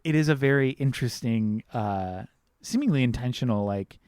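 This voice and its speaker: A podcast co-host chats casually about films, earnest in manner, repeating phrases as he thinks and acting out quotes. His medium-pitched, darkish voice comes at a moderate pace in clean studio sound with no echo.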